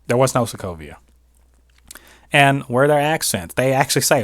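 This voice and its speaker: A man of ordinary pitch hosts a casual review show, talking fast through his opinions with frequent restarts and side remarks. His voice is recorded close and dry, with no room sound around it. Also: lively intonation, no room sound. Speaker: podcast host reviewing TV. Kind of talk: casual spoiler review monologue.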